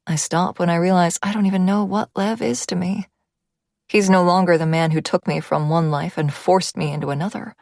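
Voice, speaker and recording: A woman narrating a romance thriller audiobook in the first person, with a low-key, steady delivery. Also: brisk, creaky, dry recording, studio quality.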